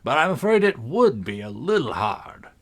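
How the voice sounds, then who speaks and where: A man's voice: mid-range voice, very animated, moderate pace. A man reading a storybook, voicing a clumsy, earnest old knight who rambles on solemnly about his inventions. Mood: earnest, rambling.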